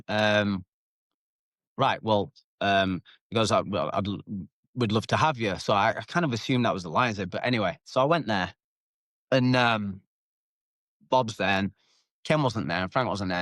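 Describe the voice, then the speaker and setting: A man's voice: fairly low pitch, moderate pace, dry recording. British man, retired fighter, loose and profane storyteller, close dry podcast sound. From United Kingdom. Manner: animated, swears freely, acts out shouted quotes. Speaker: retired MMA fighter, guest. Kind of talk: casual storytelling interview.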